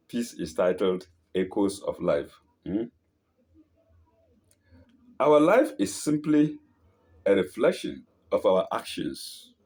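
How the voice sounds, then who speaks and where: Male host, low-ish voice, very slow, lively pitch; reads text aloud, repeats phrases, dictates punctuation, adds pleased asides. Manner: delighted asides, chuckles at the text. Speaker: host reading inspirational pieces aloud. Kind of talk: reading aloud with commentary.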